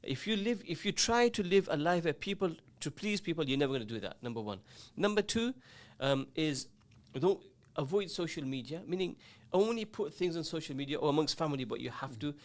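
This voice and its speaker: A man's voice: a little high, expressive, a little fast, few pauses. A man hosting a radio talk show, giving earnest, emphatic advice that lists points and repeats them.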